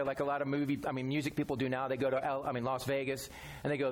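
A man's voice: medium pitch, fairly even intonation, fast. A man preaching a sermon in a folksy, conversational way, using everyday examples. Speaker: pastor.

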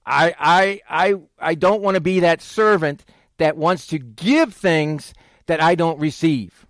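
A man preaching a sermon as a pastor, talking to the congregation in a conversational way, raising his voice for emphasis and dropping low for asides. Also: slow pace, fairly bright tone, no room sound, studio quality.

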